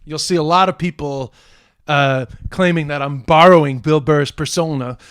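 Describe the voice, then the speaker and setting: Animated comedian telling a story. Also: male voice, on the high side, moderate pace, smooth, dry recording, studio quality. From United States. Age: middle-aged. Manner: animated, builds to excited near-shouting at the punchline; self-correcting restarts, frequent "uh" and "but anyway". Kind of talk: casual storytelling to camera.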